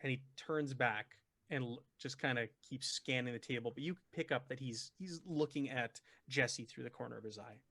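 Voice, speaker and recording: A man narrating as game master of a tabletop horror game, animated and prone to stumbling restarts. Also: mid-range voice, normal speed, hardly any pauses, dry recording.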